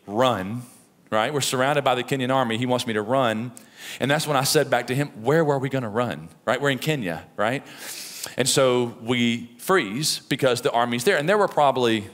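A middle-aged pastor preaching a sermon in a conversational, storytelling way, with frequent "right?" asides. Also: male voice, medium pitch, fairly bright tone. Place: church sanctuary. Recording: long reverb of a church hall.

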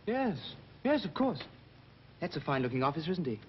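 A man's voice: on the high side, very animated, brisk. A man playing a dazed, rambling shell-shocked soldier in a 1930s film. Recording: dull old film soundtrack with hiss.

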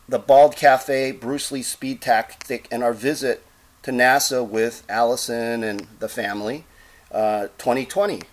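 A man giving a rambling, digressive vlog talk as a self-styled reverend, often pausing to check in with listeners. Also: medium pitch, a bit bright. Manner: rambling, digressive, with frequent "okay?" check-ins. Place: Texas.

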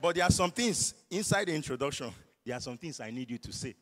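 A man with a Nigerian accent doing stand-up comedy at a church service, loud and teasing, leading call-and-response with the crowd. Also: a little high, lively intonation, fast talker, slight background noise. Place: large church hall. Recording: echoey hall with long reverb.

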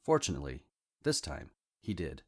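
A man's voice: very deep voice, big pitch swings, normal speed, breathy edge. A man narrating a comic fantasy audiobook in the first person, with a wry, humorous storytelling manner.

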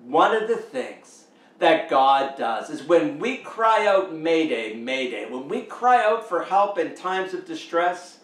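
Canadian male pastor, slow emphatic sermon, roomy church echo. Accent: Canadian English. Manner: slow, emphatic preaching with rising, lively pitch. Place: church sanctuary. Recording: echoey church room, mic at a distance.

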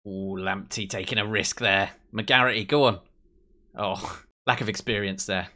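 A young man commentating on his own football management game, excitable, cheering his team and mocking rivals. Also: fairly low pitch, unhurried. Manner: excitable, swears and mocks players. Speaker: let's play host.

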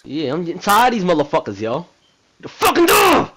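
A man's voice: fairly high pitch, very animated, fast, low-quality recording. A man voicing a brash, hot-tempered male president in a video game role-play drama, rambling in profane street slang. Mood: furious.

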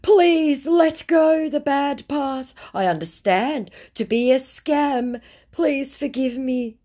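A woman reading out the messages of a desperate male online scammer in a high, whiny, drawn-out begging voice. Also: dark tone. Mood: pleading.

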